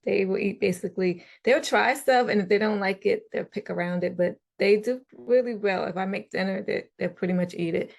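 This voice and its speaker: Gravelly-voiced woman, chatty mom. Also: medium pitch, brisk, few pauses. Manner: chatty, animated storytelling. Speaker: guest parent. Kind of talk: casual podcast interview.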